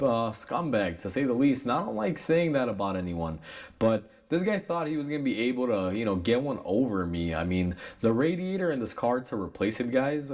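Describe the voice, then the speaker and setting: A man's voice: medium pitch, a little mellow. A man with a Chicago accent, an auto shop owner, telling a customer story casually to camera and acting out the heated quotes.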